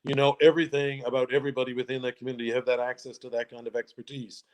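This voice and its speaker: A man's voice: medium pitch, flat delivery, rapid-fire. Jokey man telling stories. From Newfoundland, Canada. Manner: jokey storyteller, laughs often, restarts phrases. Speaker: guest. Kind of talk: casual interview chat.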